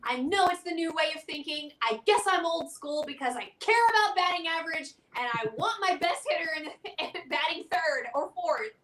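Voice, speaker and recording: A woman's voice: very high-pitched, expressive, moderate pace, few pauses, a bit bright, echoey room, rough recording. A woman co-hosting a casual sports podcast, chatty and poking fun at herself. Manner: self-mocking, chatty. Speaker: co-host.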